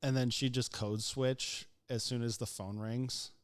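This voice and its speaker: A man's voice: mid-range voice, fairly even intonation, unhurried, clear, resonant tone. Man, casual podcast co-host, laid-back, joking comebacks, lots of fillers. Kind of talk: casual chat.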